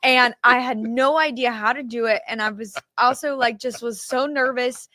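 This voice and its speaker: A woman's voice: on the high side, steady tone, moderate pace, sharp tone, no echo. A young adult woman co-hosting a live show, talking casually and laughing often, with lots of fillers. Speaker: co-host. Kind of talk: casual chat.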